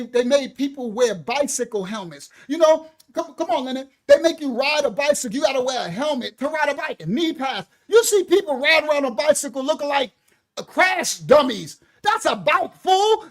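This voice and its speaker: A man preaching a fiery sermon, loud and shouting. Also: very high-pitched.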